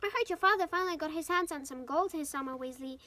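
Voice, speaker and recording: A woman's voice: high voice, fast, sharp tone, dry recording. A woman with Ukrainian as her first language reading the part of a sneering, spoiled schoolboy bully with a lazy, mocking drawl.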